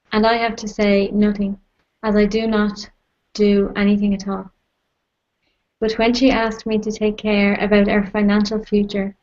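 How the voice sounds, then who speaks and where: Slow, flat-voiced woman reading aloud. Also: medium pitch, highs cut off. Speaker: moderator.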